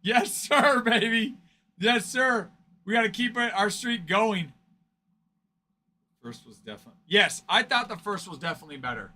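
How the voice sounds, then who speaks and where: A man's voice: sits high, expressive, normal speed, long pauses, sharp tone. A man hosting a card break stream, chatting casually with viewers, joking and laughing often. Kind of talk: casual livestream chat with viewers.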